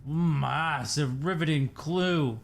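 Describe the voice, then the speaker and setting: A young man with a slightly high voice talks his way through a horror game, cracking jokes to himself and yelping when startled. He sounds tired at times. A faint ambience hums behind him. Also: slow, creaky, a little hiss or hum. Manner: jokey, talks to himself, jumpy outbursts. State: tired, yawning. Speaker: gaming streamer. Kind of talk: horror game let's play commentary.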